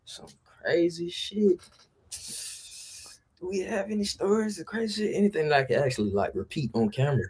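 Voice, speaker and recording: A man's voice: a little high, sing-song, rapid-fire, few pauses, a little mellow, slight background noise. A man chatting as a podcast guest, telling loose, profane stories in a laid-back way. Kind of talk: casual storytelling chat.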